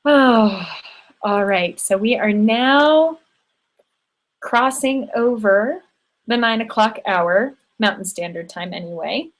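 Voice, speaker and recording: A woman's voice: a little high, slow, low-quality recording. A middle-aged woman hosting an online women's circle, wrapping up with encouraging, affectionate remarks and frequent ums, speaking into a computer mic. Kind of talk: warm closing remarks to a live online group.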